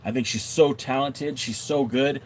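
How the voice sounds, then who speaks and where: A man hosting a wrestling podcast livestream, casually chatting and reading viewer comments in an animated, joking, mock-indignant way. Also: medium pitch, measured pace, a little hiss or hum.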